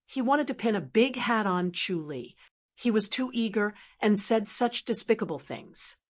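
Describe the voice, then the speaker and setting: A woman narrating a martial arts audiobook in an even, measured storytelling manner. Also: mid-range voice. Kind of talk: scripted narration.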